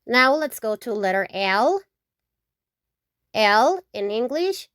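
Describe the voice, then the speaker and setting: A woman speaks very slowly in a dry, close recording. She leads a patient beginner lesson, repeating each example word and checking in with "okay?" between them. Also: fairly high pitch, very animated, a bit bright, clear, resonant tone, no echo. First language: Spanish. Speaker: Spanish teacher. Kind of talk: slow alphabet lesson with repeated example words.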